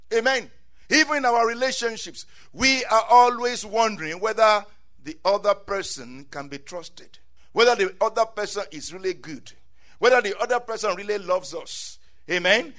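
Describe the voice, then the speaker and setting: A man's voice: sits high, pushed and bright. A male preacher delivering an emphatic, repetitive sermon, often calling out amen.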